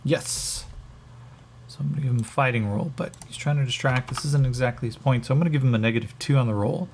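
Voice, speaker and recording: A man narrating a solo tabletop game as game master, thinking aloud, halting and swearing as he rolls. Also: medium pitch, creaky, a little mellow, slight background noise.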